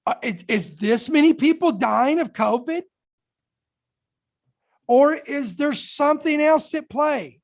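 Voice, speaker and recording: Emphatic higher-pitched woman podcast host. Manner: emphatic, dramatic pauses, slow deliberate emphasis. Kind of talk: reading and commenting on news.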